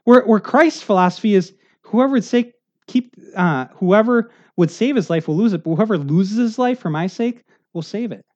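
A man preaching a conversational sermon, rambling and animated, full of asides and restarts. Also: high voice, moderate pace. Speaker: pastor. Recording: muffled lo-fi recording.

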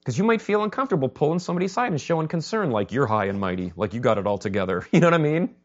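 Animated man preaching a sermon. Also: on the high side, rapid-fire, muffled recording. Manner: animated, conversational preaching with acted-out quotes. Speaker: pastor.

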